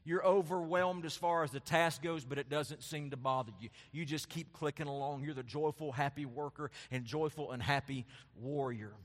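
A man delivers a sermon as a pastor, his voice sitting a little high for a man. He builds emphatic lists and then drops to soft, hushed asides. His voice rings through a reverberant church sanctuary. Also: normal speed, hardly any pauses. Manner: conversational preaching with rising emphatic lists and soft dropped asides.

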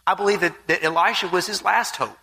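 A man delivers a sermon in a very bright, sharp, high-pitched voice. He reads scripture aloud, then explains it in an earnest, plain manner, with an occasional throat-clear. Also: steady tone, a little fast. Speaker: preacher.

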